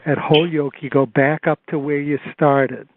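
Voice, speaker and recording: An older man recalling his past in a measured, thoughtful way, with fillers, on a conference call. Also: on the high side, flat delivery, a little hiss or hum. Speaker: retired course measurer. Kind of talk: reminiscing on a call. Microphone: telephone. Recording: phone-line conference call.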